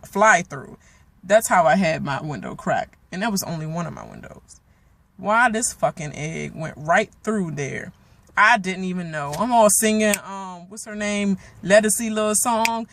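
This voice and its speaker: A man, giving a profane, animated recap of a reality show episode while still angry. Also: high voice. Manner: animated, swearing, trails off into asides. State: angry and worked up. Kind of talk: casual profane recap rant.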